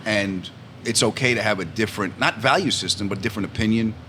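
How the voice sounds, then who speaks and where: New guy telling stories, bright forceful voice, does all the family voices, faint hiss behind. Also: lowish voice, fast. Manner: animated storyteller, acts out family voices. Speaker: comedian guest. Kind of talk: casual chat, storytelling.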